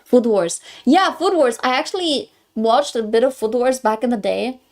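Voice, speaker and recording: A fairly high-voiced woman chats casually on a live stream, greeting viewers and answering their messages. She giggles often and speaks with a non-American English accent. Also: normal speed. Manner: chatty, giggly, reads chat aloud and greets viewers.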